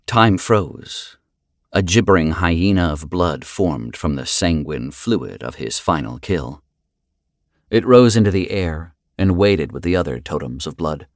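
A man reading a dark fantasy story aloud in a steady, grave storytelling manner. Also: low-pitched, no room sound, clean studio sound. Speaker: narrator. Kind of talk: dramatic audiobook narration.

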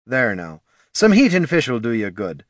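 A man's voice: medium pitch, wildly swooping pitch, normal speed, no echo, studio quality. A man voicing a kindly old barkeep in a storybook reading, speaking in a soothing, coaxing way.

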